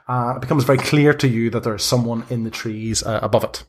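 A man narrating as game master for a tabletop game, halting and full of fillers. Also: mid-range voice, steady tone.

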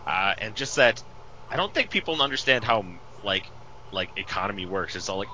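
A man's voice: lowish voice, expressive, a little fast. A man in a casual podcast chat, explaining things in a rambling way full of fillers. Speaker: podcast co-host. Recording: dull lo-fi sound with faint hiss.

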